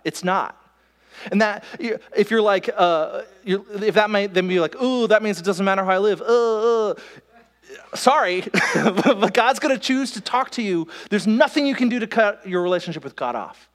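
A man preaching a sermon as pastor, in a conversational way, with quick asides and restarts. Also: high-pitched. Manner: conversational, self-interrupting, with quick asides and laughs. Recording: long hall reverb.

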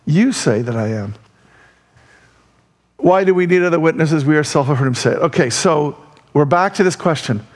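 A male pastor preaching a sermon in a conversational, animated way who laughs often. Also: a little high.

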